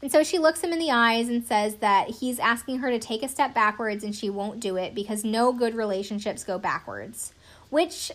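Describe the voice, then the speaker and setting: A woman's voice: fairly high pitch, moderate pace, fairly bright tone. A woman in her twenties recapping a reality show in casual chat, sarcastic and swearing now and then. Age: 20s.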